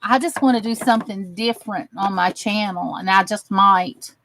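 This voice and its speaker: With a Southern US drawl and folksy sayings, a woman chats warmly and casually with viewers of her craft channel as she works. Her voice is medium-pitched at a moderate pace, and the recording is rough but has no echo.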